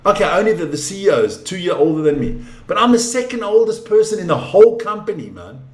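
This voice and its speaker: An older man giving casual, excitable live rugby commentary, chatting and joking as he goes. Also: high-pitched, quick pace, echoey room.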